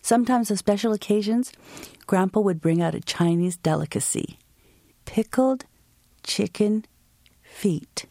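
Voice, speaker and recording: An American woman with a mid-range voice tells a vivid personal story and answers interview questions, acting out the quotes. Her delivery is slow and expressive, and the dry recording has clean studio sound.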